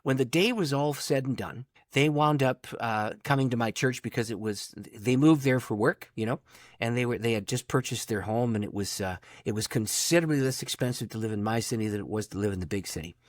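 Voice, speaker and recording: A man's voice: mid-range voice, brisk, no echo, studio quality. A middle-aged man, a pastor, telling a personal story in conversation, acting out the voices in his quotes. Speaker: pastor and author, podcast guest.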